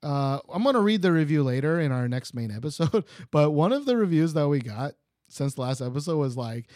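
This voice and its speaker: A man's voice: on the high side, sing-song, a little fast, a little mellow, no echo, clean studio sound. A young man from Texas with a Texan accent, hosting a podcast in loose casual chat, rambling with many restarts. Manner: rambling, many restarts and fillers, laughs at himself. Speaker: podcast host.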